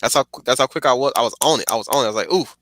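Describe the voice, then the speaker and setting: A man's voice: medium pitch, racing, a bit bright, no room sound. A man streaming a casual, rambling film commentary, stuttering and restarting his sentences often.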